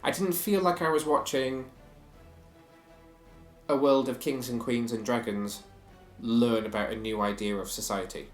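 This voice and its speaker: A man's voice: mid-range voice, unhurried. Guy co-hosting a chat podcast, opinionated, echoey room with faint music behind. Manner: opinionated, reads quotes aloud. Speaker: podcast co-host. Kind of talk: casual chat.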